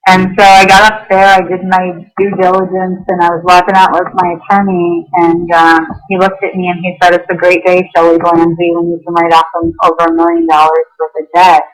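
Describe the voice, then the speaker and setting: A woman's voice: fairly low pitch, little pitch movement, fairly quick, few pauses, low-quality recording. A woman talking as a guest on an internet radio show. She tells a personal story earnestly, acting out what she and others said and using many fillers like "you know" and "um".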